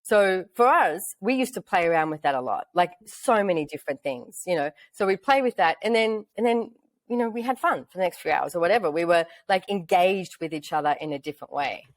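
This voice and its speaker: A woman's voice: brisk, no room sound. A woman with an Australian accent, chatting casually as a podcast host and acting out bits of dialogue as she tells stories. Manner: animated, acts out quoted dialogue in a high voice. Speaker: podcast host, relationship facilitator. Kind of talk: casual storytelling chat.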